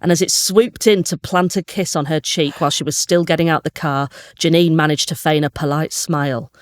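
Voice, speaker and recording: A woman comedian reading aloud her own comic story, telling it with lively energy and bursts of laughter. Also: deep voice, a little fast, no room sound.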